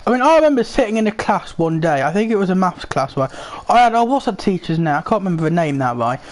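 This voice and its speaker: A young man talks in a loose, rambling way, swearing often. His voice sits high and leaps about in pitch. He sounds animated. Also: quick pace. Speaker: host. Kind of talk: casual chat while playing a football game.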